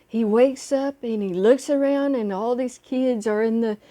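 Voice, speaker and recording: A woman's voice: fairly high pitch, a little slow, dark tone. A woman vlogger earnestly retelling a film story in casual talk, recorded on a phone. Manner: earnest, encouraging.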